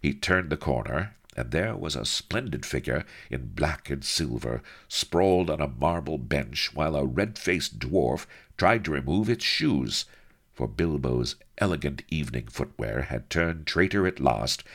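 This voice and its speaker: A man's voice: very deep voice, animated, measured pace. A man reading a story aloud with playful, theatrical storytelling. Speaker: audiobook narrator. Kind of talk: scripted narration.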